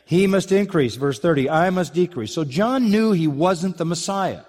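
Emphatic preacher in a reverberant hall. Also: male voice, high-pitched, expressive, moderate pace, darkish tone. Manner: emphatic preaching with rhetorical questions and restarts. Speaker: pastor. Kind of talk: expository sermon.

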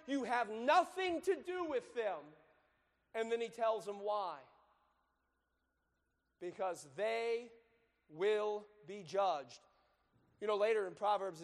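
A male pastor giving an earnest sermon, reading scripture aloud in a measured cadence and then explaining it to the congregation. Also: sits high. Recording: long hall reverb.

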